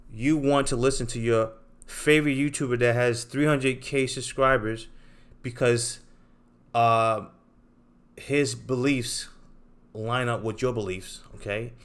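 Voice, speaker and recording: A man hosting a trading channel, talking straight to his viewers in an unscripted, confrontational rant and tagging his points with "okay?" and "right?". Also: mid-range voice. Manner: emphatic and confrontational, repeats tag questions like okay and right.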